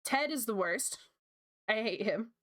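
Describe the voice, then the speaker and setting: Unhurried and lively in intonation, this late-20s Canadian art streamer has a somewhat high, slightly bright voice. She rambles in casual conversation as she draws on stream, laughing frequently.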